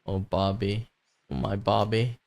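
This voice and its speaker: A man's voice: lowish voice, little pitch movement, a little slow, creaky, a little mellow. A man reading aloud the lines of a bitter, possessive mother in a game, grieving her missing son and lashing out. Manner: resentful, lashing out in grief.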